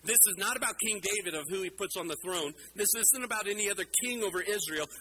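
Middle-aged male pastor, higher-pitched, preaches emphatically over a noisy room. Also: fast talker. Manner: emphatic, rhetorical questions, shifts loud and soft. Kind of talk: sermon.

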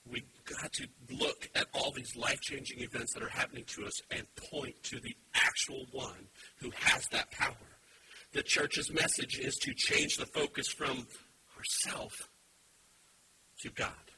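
A man preaching a sermon as pastor, emphatic, swinging from quiet asides to loud shouted points. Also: medium pitch, measured pace. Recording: steady background hiss.

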